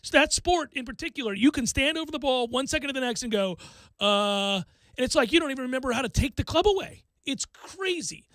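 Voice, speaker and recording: A man hosting a sports talk radio show, excitable and animated, acting out quotes and laughing often. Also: extremely high pitch, brisk, no room sound.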